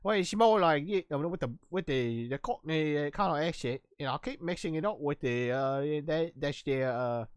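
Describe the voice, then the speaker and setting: A man's voice: on the high side, moderate pace, hardly any pauses, clear, resonant tone, no room sound, studio quality. A young man streaming a game, chatting casually in a rambling way, laughing, swearing and acting out quotes. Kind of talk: casual gaming stream chat.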